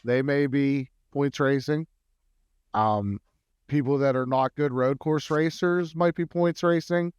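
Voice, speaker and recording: A man co-hosting a sports betting podcast, working through numbers in an analytical, halting way. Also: medium pitch, clean tone, dry recording, dull audio. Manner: analytical, many fillers and restarts. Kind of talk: casual sports betting chat.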